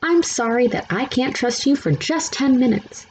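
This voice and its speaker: A woman's voice: high voice, animated, normal speed, a little hiss or hum, pitched above the performer's own voice, poor audio. A woman voicing a doting, fretful mother who fusses over her child. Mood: fussing.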